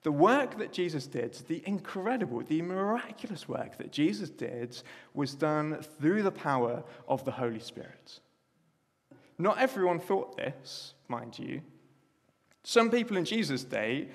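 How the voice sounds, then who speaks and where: Male preacher, chatty and self-mocking, slightly high voice, echoey church hall. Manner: chatty, self-deprecating asides. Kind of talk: sermon.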